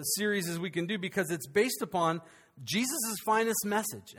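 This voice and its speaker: A pastor preaching with a high, light voice. He talks in an animated, conversational way, often stopping and restarting his sentences with fillers. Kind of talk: sermon.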